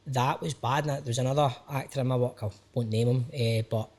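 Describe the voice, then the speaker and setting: A man's voice: medium pitch, fairly even intonation, brisk, a little mellow. A Scottish man in his thirties talks openly as a podcast guest. His delivery is loose and rambling, full of self-questioning asides and casual "aye"s. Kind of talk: candid casual conversation.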